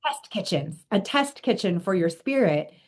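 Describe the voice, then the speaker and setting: A woman's voice: mid-range voice, big pitch swings, moderate pace. A woman hosting a podcast interview, talking in an earnest, reflective way with frequent fillers. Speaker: podcast host and coach. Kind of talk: casual interview conversation.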